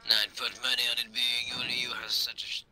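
A man's voice: mid-range voice, completely flat delivery, quick pace, pushed and bright, a little hiss or hum. Blustering man, hammy posh commander. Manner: hammy officer bluster, swears, adds "I say". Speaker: gaming commentator. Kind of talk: mock-posh gameplay banter.

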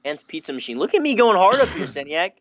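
A man's voice: high-pitched, big pitch swings, no room sound. A young man bantering and teasing his friend during a casual let's-play, laughing often. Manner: teasing, playful, quick to laugh. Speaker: guest gaming partner.

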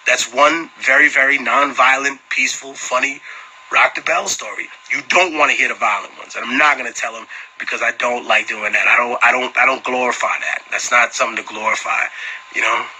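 A husky, very bright-toned man, chatting and telling rowdy stories to fans over a live stream. He swears freely and laughs a lot, and the sound is thin and lo-fi, like a phone picked up over the radio. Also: medium pitch, brisk. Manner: animated, swearing storyteller who laughs often. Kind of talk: casual storytelling chat.

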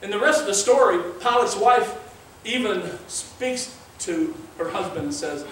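Animated and unhurried, a man with a high, slightly bright voice preaches earnestly and conversationally, reading scripture along the way. A little hiss or hum accompanies the very echoey room, and the mic is well off.

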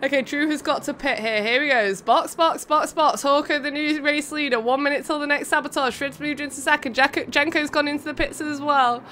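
Pushed and bright, her high voice stays steady as she talks a little fast with few pauses, over slight background noise. A young woman streamer, she commentates a racing game event and chats with viewers between calls, bubbly and giggly throughout.

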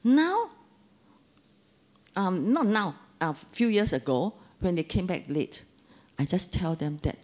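A woman's voice: lowish voice, slow, pauses often. A woman in her sixties with a Singaporean English accent, giving an anecdotal Dharma talk full of local slang. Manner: animated storytelling with local slang. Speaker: Dharma speaker.

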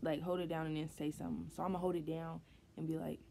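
Excitable young woman vlogging, slangy. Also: low-pitched, gravelly. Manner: excitable, slangy, quick mood swings between laughing and frustration. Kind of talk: casual vlog chat to camera.

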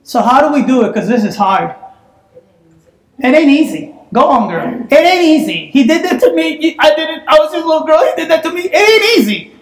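A woman preaching a sermon in a church, telling a personal story in an animated way that breaks into shouts and laughter. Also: high-pitched, a little fast, roomy sound. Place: church sanctuary.

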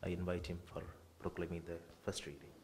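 Male priest, low register, measured liturgical delivery at a funeral. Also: completely flat delivery, very noisy.

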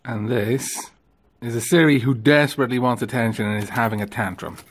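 A man filming a casual vlog of his pet ferrets, cooing to them in gentle baby talk. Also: medium pitch, fairly even intonation, a little fast, husky. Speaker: vlogger.

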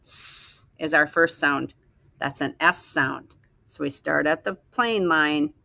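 A woman teacher slowly sounding out letters and words for young children in a phonics lesson. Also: low voice, creaky, sharp tone, no room sound. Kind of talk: early-reading phonics lesson.

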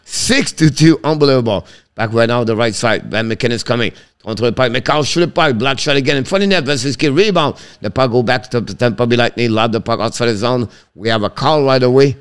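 Delivering live-stream hockey play-by-play, an excitable commentator fires off quick, clipped calls. His voice is smooth, and its pitch leaps sharply whenever there's a shot.

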